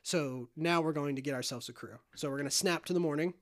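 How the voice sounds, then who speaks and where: A man casually retelling a film scene by scene, animated and jokey. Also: on the high side. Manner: animated retelling, quick shifts into character voices and quotes. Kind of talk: casual movie recap chat.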